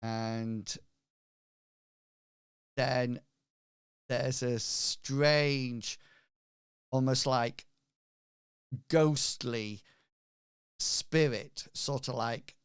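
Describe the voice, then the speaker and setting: Slow-talking male game master. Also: medium pitch, clean tone, no echo, clean studio sound. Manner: slow, halting narration with fillers. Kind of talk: narrating a tabletop game.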